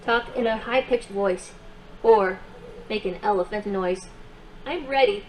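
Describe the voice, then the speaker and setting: A woman's voice: mid-range voice, a little slow, background noise, close to an everyday voice. A woman voicing a cheerful small companion robot that plays games and guides affirmations with children, in an upbeat, encouraging way. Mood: friendly.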